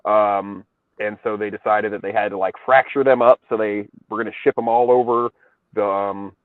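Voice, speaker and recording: A man's voice: medium pitch, dry recording. A man chatting loosely, full of ums and curse words, his voice squeezed into a thin phone-like band. The sound is dry and close, with no room around it. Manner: rambling, swears a lot, many fillers. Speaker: podcast co-host. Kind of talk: casual profane chat.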